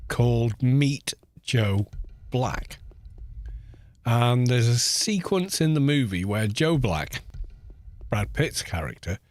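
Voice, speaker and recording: A British man in his forties streams a game and chats casually, rambling and musing with frequent restarts. His mid-range voice has a darkish tone and no echo.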